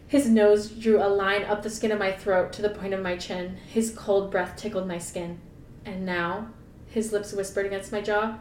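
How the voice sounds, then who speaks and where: A woman co-hosting a podcast reads a novel at a moderate pace, her darkish voice fairly even in intonation. Playful, sarcastic quips and laughter punctuate the reading. The recording has room echo, a distant mic, and a faint rumble.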